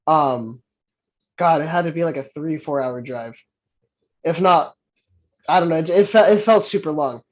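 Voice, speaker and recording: A man from Southern California, a pro wrestler guest, telling a story in casual chat, animated, laughing often and restarting his sentences. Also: a little high, moderate pace, long pauses. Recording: muffled lo-fi sound.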